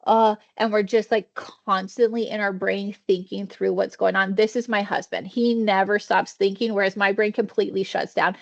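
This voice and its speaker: Female wellness trainer, conversational, acts out thoughts; gravelly edge, dull video-call audio. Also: mid-range voice, level tone, moderate pace, few pauses. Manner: warm conversational teaching, acts out inner thoughts. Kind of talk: virtual training session.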